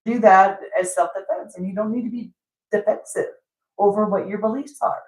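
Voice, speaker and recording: A woman in her fifties giving a blunt, rambling spiritual monologue, with mild swearing and sudden high-pitched quoted voices. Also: moderate pace, a little mellow. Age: 50s. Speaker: spiritual vlogger. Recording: echoey room.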